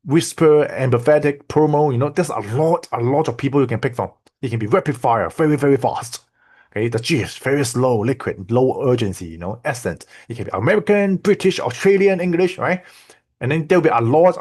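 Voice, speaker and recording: A man walking students through a software tool in a loose, repetitive teaching style, checking in often with "okay?" and "right?". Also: mid-range voice. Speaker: online course instructor. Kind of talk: casual screen-share tutorial.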